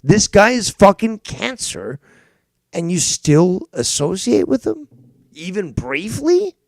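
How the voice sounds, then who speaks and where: A man's voice: high-pitched, big pitch swings, slow, vocal fry, no echo. A male live stream host in a heated call-in argument, confrontational and swearing constantly.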